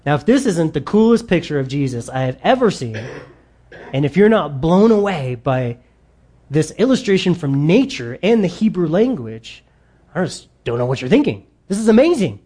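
A man's voice: on the high side, sing-song, moderate pace, mellow. A man preaching a sermon with enthusiasm, reading quotes aloud and exclaiming over them. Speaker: pastor.

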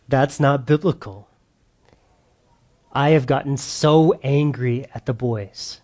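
Middle-aged male speaker, slightly high voice, lively parenting sermon with funny stories. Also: slow pace, pauses often. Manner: animated storyteller, acts out his own outbursts loudly. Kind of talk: church parenting talk with humor.

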